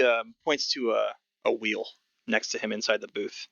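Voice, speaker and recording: A man narrates a tabletop role-playing scene as game master, stumbling through fillers as he sets the scene. His voice is gravelly and bright. The recording is dry and dull. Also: lowish voice, flat delivery, normal speed, no room sound. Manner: hesitant, filler-heavy narration.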